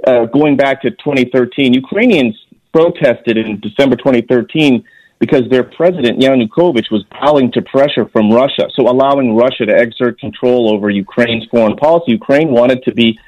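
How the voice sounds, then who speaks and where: A man's voice: mid-range voice, brisk, darkish tone, dry recording, rough recording. A man speaking as a guest on a radio interview, earnest and emphatic, restarting phrases as he argues his point. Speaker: guest, former intelligence officer.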